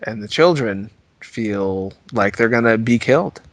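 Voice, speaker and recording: A man's voice: on the low side, expressive, a little slow, dry recording. A man co-hosting a comedy podcast, reacting with dismay and self-deprecating jokes. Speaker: podcast co-host.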